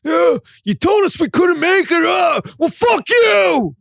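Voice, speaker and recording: A man putting on the high, shouting voice of an obnoxious, gloating male sports fan who taunts crudely. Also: sing-song, slow, creaky, dry recording, clean studio sound, heavily acted.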